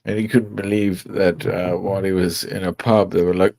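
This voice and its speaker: A man's voice: low-pitched, creaky, darkish tone. An Englishman trading crude banter in a casual chat on a live stream. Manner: banter-heavy, swearing, quick to mimic people.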